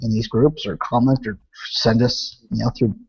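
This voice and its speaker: A man's voice: medium pitch, fairly even intonation, moderate pace, husky, muffled recording. A man in a casual chat, teasing and egging others on and repeating himself.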